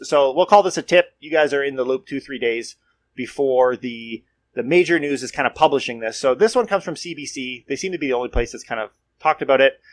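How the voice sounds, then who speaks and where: A young man, hosting a casual real estate podcast. He talks straight to his listeners and repeats points for emphasis. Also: on the high side. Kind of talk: casual market commentary.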